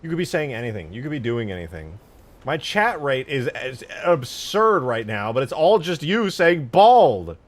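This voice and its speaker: Male streamer, lively pitch swings, cursing, excitable, mutters then yells. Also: normal speed. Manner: excitable, swears a lot, swings from mumbling to yelling. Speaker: streamer modding a video game. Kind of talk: live-stream commentary.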